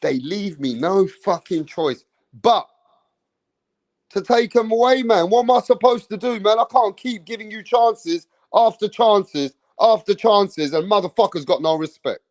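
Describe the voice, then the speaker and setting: A man hosts a boxing channel in a loose, streetwise way. His voice sits a little high, and he keeps telling viewers off in slang, tacking "bruh" and "man" onto his lines. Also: measured pace, a little mellow. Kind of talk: casual livestream rant.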